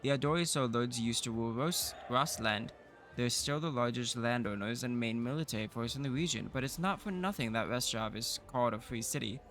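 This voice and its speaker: A man's voice: medium pitch, brisk, fairly bright tone, faint music behind, natural voice. A man reading out the lines of a proud male city official in a fantasy game. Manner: formal, proud. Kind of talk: reading game dialogue aloud.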